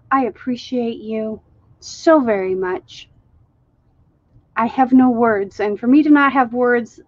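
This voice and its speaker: Chatty high-voiced Minnesotan woman. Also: no room sound, highs cut off. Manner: chatty, excitable, says dude and y'all often. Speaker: art live streamer. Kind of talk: casual live stream chat.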